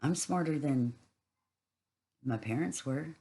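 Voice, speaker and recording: A woman's voice: very deep voice, lively intonation, slow, dark tone, slightly rough, rough recording. A woman giving a rambling, casual spiritual monologue, earthy and swearing freely.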